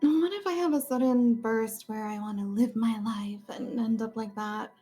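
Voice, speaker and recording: Young game heroine, high-pitched, fretful Southern drawl, read by a woman streamer. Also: normal speed, dark tone, soft background music, close to an everyday voice. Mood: anxious. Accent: put-on Southern US.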